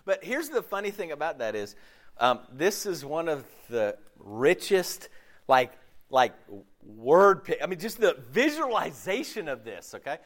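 A man delivers a relaxed, chatty sermon in a somewhat high voice that leaps and dips all over. He laughs easily, trails off and restarts his sentences, and drops into playful voices. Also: measured pace. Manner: animated, laughs often, jumps into playful voices; loose, self-interrupting, many fillers. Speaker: preacher. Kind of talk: casual conversational sermon.

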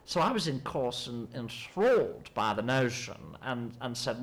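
A man, an actor in a mock interview, rambling and hesitant with a deadpan delivery. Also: medium pitch, a little slow.

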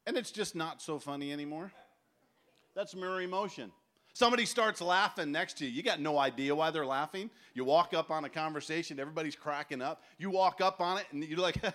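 A man in his forties preaching a sermon at a festival, telling stories with animated acted-out voices. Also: a little high, fairly quick. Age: 40s. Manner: animated storytelling, acts out voices. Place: large tent festival gathering.

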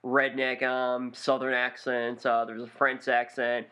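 A man's voice: mid-range voice, monotone, a little slow, bright, forceful tone, clean tone. A man co-hosting a movie review podcast, rambling with many fillers in casual chat. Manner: rambling, lots of likes and ums.

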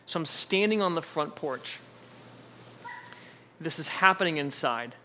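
A man's voice: on the high side, animated, unhurried, pushed and bright, a little hiss or hum. A man preaching a sermon, telling a personal family story in a conversational way and acting out what others said. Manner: conversational storytelling, acts out quoted voices. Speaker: pastor.

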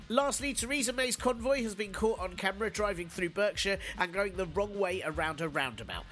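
A man hosting a podcast, stuffed up and nasal from a cold, delivering sardonic news jokes and casual chat. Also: sits high. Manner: sardonic, deadpan jokes with fillers. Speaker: podcast host.

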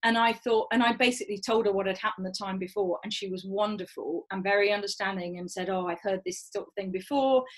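A woman in her thirties telling a frank, animated personal story in casual chat, acting out quoted voices. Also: medium pitch, quick pace, few pauses, poor audio.

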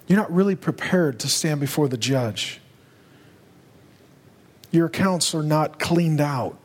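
A male pastor preaching a sermon with urgency, driving home his points and rising to loud, emphatic peaks. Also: on the high side. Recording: long reverb of a large hall.

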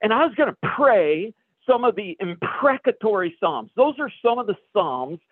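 A pastor telling a personal story in a sermon, a lively storyteller who acts out the dialogue. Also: male voice, high voice, normal speed, husky, no echo. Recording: dry, phone-like radio broadcast.

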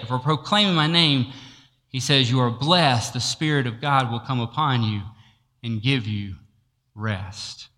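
A man preaching a sermon, telling a personal story and acting out each exchange with frequent laughter. His voice is bright and forceful. It rings through a large hall with a long echo. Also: medium pitch. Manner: storytelling, acts out dialogue, laughs often.

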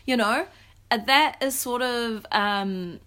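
A woman co-hosting a casual book-club podcast, animated and often acting out characters' lines. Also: fairly high pitch, takes it slowly, smooth. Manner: animated, quotes characters in put-on voices. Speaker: podcast co-host.

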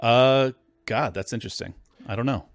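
A man's voice: medium pitch, normal speed, no echo. Easygoing man, podcast host. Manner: easygoing, brief agreeing replies. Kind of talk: casual podcast chat, reading listener comments.

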